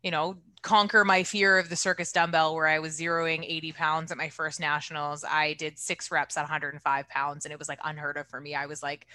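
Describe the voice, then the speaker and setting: A woman's voice: low voice, pushed and bright, no echo. A woman in casual chat, talking candidly and chattily as a strength athlete.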